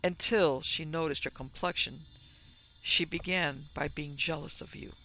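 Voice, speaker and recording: A man reading a calm, reasoning gentleman. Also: a little high, a little slow, a little hiss or hum, poor audio. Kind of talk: audiobook character reading.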